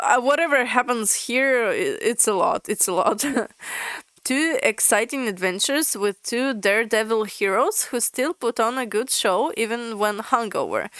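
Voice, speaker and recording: Expressive woman streamer, dry close sound. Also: a little high, dry recording. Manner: expressive, stumbles while reading aloud. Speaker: VTuber streamer. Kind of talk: reading and reacting to comic blurbs.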